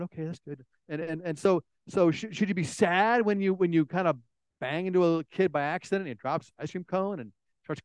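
A man's voice: on the high side, darkish tone, no room sound, low-quality recording. A man preaching a sermon in a conversational way, often repeating words and acting out little everyday scenes. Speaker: pastor.

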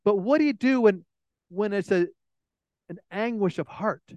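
A man preaching a sermon to a room, telling stories in an animated way with frequent restarts. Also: high voice, moderate pace, no echo, highs cut off. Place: room with an audience.

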